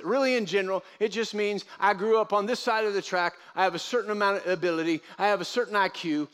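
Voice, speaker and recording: High-voiced man preaching a sermon. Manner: animated preaching that acts out quoted voices; repeats key phrases for emphasis. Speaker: pastor. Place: church service.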